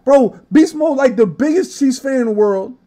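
A man's voice: extremely high pitch, lively intonation, moderate pace, warm tone. A young man hosting a casual gaming podcast, talking brash, profane trash talk. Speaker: podcast host.

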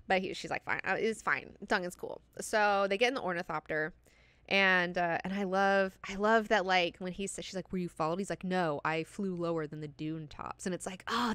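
Bright, clear-voiced woman gushing over a book. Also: fairly low pitch, moderate pace, dry recording. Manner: excited, profane retelling with mock character voices. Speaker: book club host. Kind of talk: casual book discussion.

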